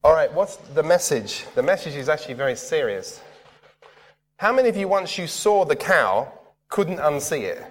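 A man preaches in a high, lively voice that swoops up and down. He talks casually and keeps asking his listeners questions. The long reverb of a big hall trails behind him. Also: normal speed. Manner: conversational, asks the crowd questions. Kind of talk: sermon.

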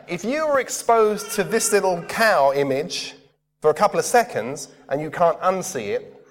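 A man preaches in a high, lively voice that swoops up and down. He talks casually and keeps asking his listeners questions. The long reverb of a big hall trails behind him. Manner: conversational, asks the crowd questions. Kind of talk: sermon.

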